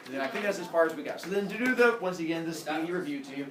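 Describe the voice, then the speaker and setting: Playful male teacher, lively pitch, roomy classroom echo, mic far off, faint background noise. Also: rapid-fire. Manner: quizzing, playful. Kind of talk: classroom review and storytelling.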